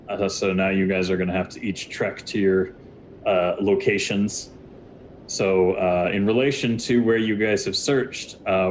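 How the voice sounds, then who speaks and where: A man with a lowish voice narrating a tabletop game as game master. He rambles in a loose, laid-back way, stringing scenes together with plenty of uhs and likes. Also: a little mellow, a little hiss or hum.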